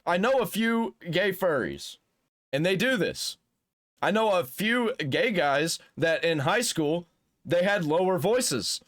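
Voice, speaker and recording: A man's voice: sits high, big pitch swings, slow pace, a bit bright. A man hosting a reaction commentary, talking bluntly and crudely in a rambling, casual way with frequent restarts. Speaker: commentary host.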